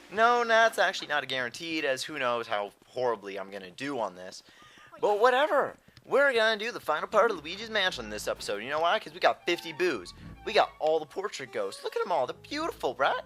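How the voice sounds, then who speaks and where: Goofy, animated young man playing a game. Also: medium pitch, slight background noise. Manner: goofy, self-mocking, jumps into silly voices. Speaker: gaming channel host. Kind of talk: let's play commentary. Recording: faint game music behind.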